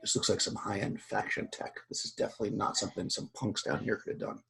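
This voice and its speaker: A man's voice: medium pitch, animated, normal speed, voice pushed up, natural voice. A man voicing a commanding armored female officer who interrogates guards. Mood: hushed.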